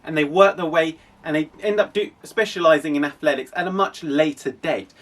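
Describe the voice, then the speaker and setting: A man's voice: a little high, fairly quick, a bit bright, recorded from a distance. A young man from an athletics club, explaining casually with frequent restarts. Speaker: athletics club coach and host.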